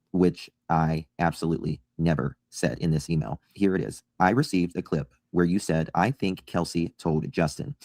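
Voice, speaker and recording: A man calmly and insistently reading out an email he sent, correcting claims about himself. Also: deep voice, dry recording, clean studio sound.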